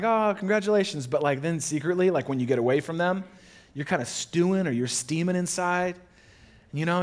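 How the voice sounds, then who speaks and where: A man preaching as pastor in a gentle, encouraging, conversational way, acting out a listener's inner thoughts in quoted asides. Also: a little high. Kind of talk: sermon.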